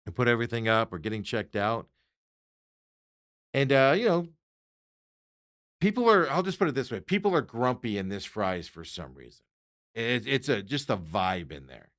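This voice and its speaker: A podcast host with a mid-range voice tells an everyday story at a moderate pace with long pauses. He's casual, animated and exasperated about the run-in, acting out the other people's lines as quotes.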